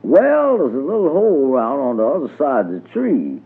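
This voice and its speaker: A man's voice: mid-range voice, wildly swooping pitch, moderate pace, slightly rough, pitched above the performer's own voice, exaggerated voice. A man voicing a sly, wheedling male rabbit in a storybook tale, drawing out his coaxing words, on a tinny old radio recording.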